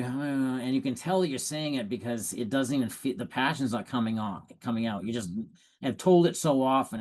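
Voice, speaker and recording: A man giving sales coaching tips in a lively, animated way, acting out prospects' lines and laughing at his own stories. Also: medium pitch. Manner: animated, acts out prospects and quotes. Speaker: sales trainer. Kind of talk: coaching talk.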